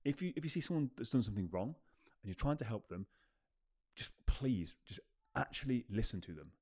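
A man's voice: mid-range voice, very animated, a little fast, a little mellow, breathy edge. A man hosting a self-help podcast, speaking emphatically and repeating his key phrases for effect. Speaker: podcast host. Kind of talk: motivational self-help talk.

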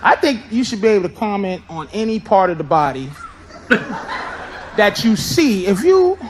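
A middle-aged man doing stand-up crowd work, loud, brash and profane as he teases the audience on a live stage. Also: high-pitched, big pitch swings, unhurried. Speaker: stand-up comedian. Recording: live show with crowd laughter and noise.

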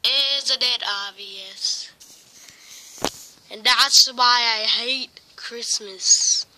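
A woman's voice: a little high, very slow, sharp tone, a little hiss or hum, exaggerated voice, low-quality recording. A woman voicing a grumpy male pirate fox animatronic who talks like a pirate in a plush toy skit. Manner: pirate talk, gruff and grumbling.

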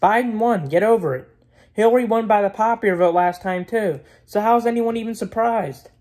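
Talking straight to his audience, this vlogger's voice sits high and a little mellow, and he speaks a little fast. His casual rant to camera is loose and rambling, blunt and opinionated, returning to the same points with plenty of swearing.

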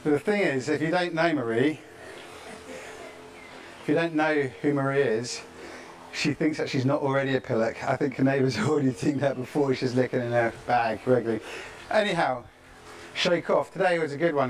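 A man coaching a live-streamed workout, chatty and encouraging, often checking in with "yeah?". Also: fairly high pitch. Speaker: fitness coach. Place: outdoors, in the tropics.

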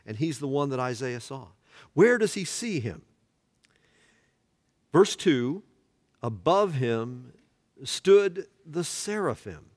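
A man's voice: medium pitch, long reverb tail. A man leading a church Bible study, quizzing the class and having them finish his phrases. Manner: asks the class questions and has them fill in words.

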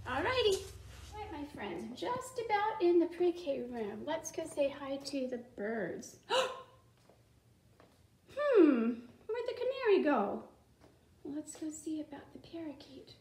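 A woman preschool teacher reading a story to young children in an animated, sing-song way, gently and slowly, recorded at home. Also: sits high, rough recording.

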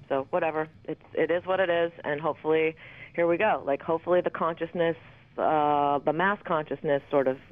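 A woman in her fifties, a guest in a casual interview, rambling candidly and swearing freely. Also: rumbling low. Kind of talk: casual phone interview chat. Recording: tinny phone line.

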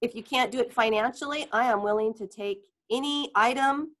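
A woman's voice: a little high, normal speed, fairly bright tone. A woman co-hosting a radio talk show, chatty and upbeat, laughing easily. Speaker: radio co-host. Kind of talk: casual radio chat.

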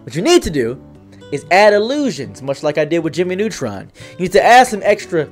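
A man's voice: sits high, big pitch swings, fairly quick, soft background music. A man hosting a comedic commentary video, rambling without a script and playing up his words with theatrical inflections. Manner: theatrical, exaggerated inflections and playful emphasis. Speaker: YouTube commentary host.

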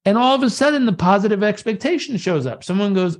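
Animated man telling coaching stories. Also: high voice, quick pace. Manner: animated storyteller who acts out voices in quotes. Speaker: guest, personal coach. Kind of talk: conversational coaching talk. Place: live social media video conversation.

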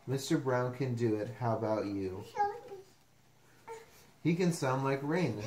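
A woman's voice: very deep voice, moderate pace, darkish tone, roomy sound. A woman reading a picture book aloud to children, playfully acting out animal and noise sounds and coaxing the listener to join in. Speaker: storyteller.

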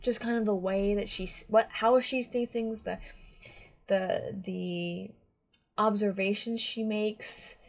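A woman's voice: medium pitch, steady tone, slow pace. A woman giving casual reaction commentary on an anime, talking in a rambling, chatty way with lots of restarts.

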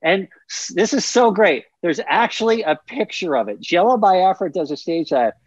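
A man in his fifties, a podcast guest, telling stories in a lively, profane way and acting out the scenes. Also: high-pitched, normal speed, husky, no room sound, lo-fi sound. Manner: animated, profane, acts out scenes. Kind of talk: casual storytelling.

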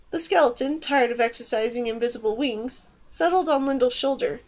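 A woman narrating a fantasy audiobook in a steady storytelling manner. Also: a little high, a little fast, few pauses. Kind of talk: scripted narration.

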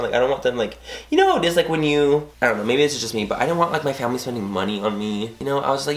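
A young man talks quickly through a chit-chat makeup tutorial, drifting into tangents and swearing casually. His voice sits at a middle pitch. The room around him sounds echoey. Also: sing-song. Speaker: beauty vlogger.

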